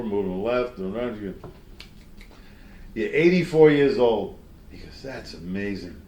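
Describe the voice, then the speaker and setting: A man's voice: on the low side, darkish tone, reverberant. A man, a comedian guest in an interview, telling old jokes in a folksy way and slipping into character voices. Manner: folksy joke-teller, slips into character voices.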